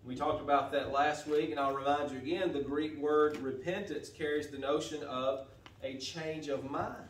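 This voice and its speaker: A man with a fairly high voice preaches a sermon from a church pulpit, going over his points steadily and often repeating a phrase before he carries on. His voice comes from some way off the mic and rings through the roomy church. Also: steady tone, normal speed, a little hiss or hum. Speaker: pastor. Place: church sanctuary. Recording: echoey church from a distance.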